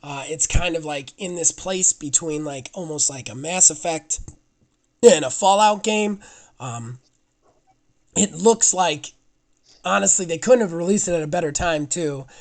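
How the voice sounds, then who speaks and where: Male podcast co-host, excitable, rambles, casual delivery. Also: a little high, measured pace.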